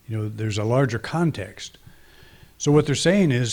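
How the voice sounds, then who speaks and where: A man's voice: mid-range voice, moderate pace, a little mellow. A man, a minister, preaching a conversational, reflective sermon with frequent restarts and fillers.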